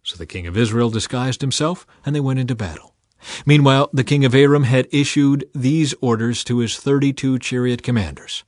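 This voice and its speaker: A man narrating a scripture passage in a steady, measured reading voice. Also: medium pitch, dry recording, clean studio sound. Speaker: scripture reader.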